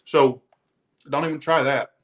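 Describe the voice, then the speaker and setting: A man's voice: mid-range voice, fairly even intonation, unhurried, a bit bright, roomy sound. A man reading tarot who rants defensively and emphatically to his viewers in casual talk. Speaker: tarot reader.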